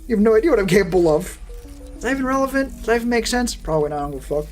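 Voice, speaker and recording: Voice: mid-range voice, animated, very fast, darkish tone, soft background music. A VTuber streamer chatting casually with a live audience and answering chat, with a sardonic, profane, rambling manner.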